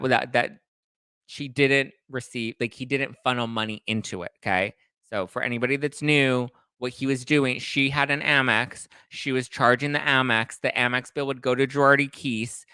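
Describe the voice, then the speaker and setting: A young man hosts a casual gossip livestream from home, chatty and animated, breaking into high-pitched exclamations. His voice is bright and crisp. The sound is dry and close. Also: no room sound. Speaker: livestream host reading chat. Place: home in a city apartment.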